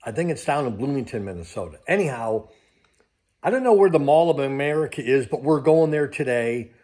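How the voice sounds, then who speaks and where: A man's voice: mid-range voice, animated, fairly quick, darkish tone. An older man, a crypto vlogger, talking casually to his viewers in a rambling way that keeps losing its thread. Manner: rambling, loses his train of thought. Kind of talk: casual travel vlog.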